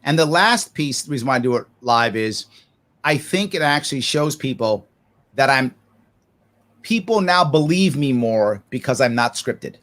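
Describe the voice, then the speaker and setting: A man in his forties, a guest on a podcast interview, talking off the cuff in an animated way, laughing often and acting out other people's voices. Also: medium pitch, moderate pace.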